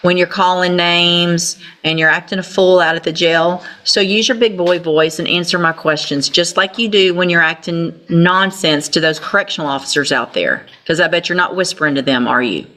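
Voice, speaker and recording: A woman judge speaks in a fairly low voice. She is stern and commanding, reading out formal charges and scolding the defendant. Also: normal speed, few pauses, sharp tone. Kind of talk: courtroom proceedings.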